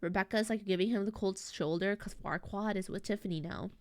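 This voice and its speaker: A woman's voice: medium pitch, brisk, dry recording. A young woman streaming, casually recapping a story in a rambling, slangy way full of fillers and restarts. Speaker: VTuber streamer.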